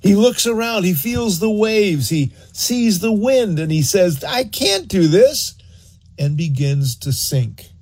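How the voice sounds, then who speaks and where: A man preaching a sermon, telling the story in an animated, earnest way and urging listeners to act on it. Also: sits high, unhurried, few pauses. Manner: animated storyteller, acts out scenes; earnest, exhorting.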